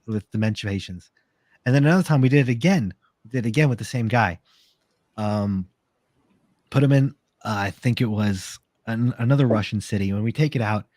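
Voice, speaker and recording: A man's voice: mid-range voice, darkish tone, no room sound. Rambling, slightly tipsy man in a dry room. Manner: rambling, many restarts and repeated words. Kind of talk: casual podcast chat.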